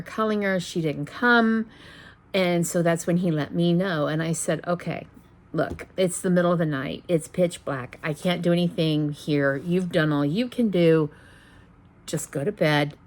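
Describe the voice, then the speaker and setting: A middle-aged woman hosting a stitching vlog, telling a personal story in a rambling, casual way with many pauses and restarts. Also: fairly low pitch. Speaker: flosstube host.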